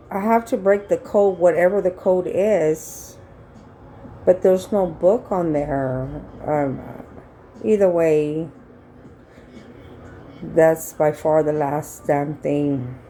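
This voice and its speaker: A middle-aged woman tells a rambling story in a casual vlog, blunt and salty, acting out the lines of the people in it. Her voice sits low and mellow. A faint hiss of room noise stays behind her. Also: takes it slowly, long pauses, poor audio. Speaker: vlogger.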